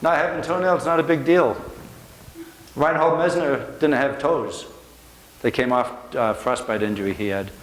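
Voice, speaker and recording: A middle-aged American motivational speaker addresses a room, telling stories earnestly and repeating points for emphasis. His mid-range voice moves at a normal speed, and the room sounds echoey.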